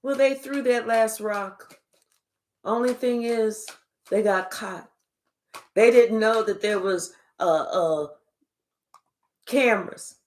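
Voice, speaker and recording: A woman's voice: fairly high pitch, slow pace, pauses often. A woman giving a tarot reading, talking in a blunt, profane and emphatic way, full of rhetorical questions. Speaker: tarot reader. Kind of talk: spiritual reading monologue.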